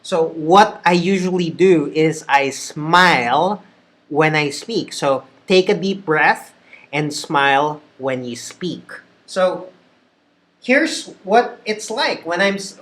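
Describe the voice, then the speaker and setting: Slow-talking Filipino man in an echoey room. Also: a little high, lively intonation, fairly bright tone. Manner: patient, repeats key points. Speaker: call center trainer. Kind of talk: instructional talk.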